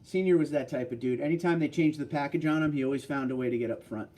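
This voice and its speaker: Chatty livestream host, slightly high mellow voice. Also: male voice, fast. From New York. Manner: chatty, reads out comments and banters with viewers. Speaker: livestream host reading viewer chat. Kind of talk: casual livestream chat.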